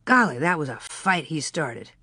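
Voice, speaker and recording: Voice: mid-range voice, very animated, moderate pace, pushed and bright, breathy edge, no echo, studio quality, full character voice. A reader voicing a cheerful frontier father who tells a story with a hearty, folksy manner. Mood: lively telling.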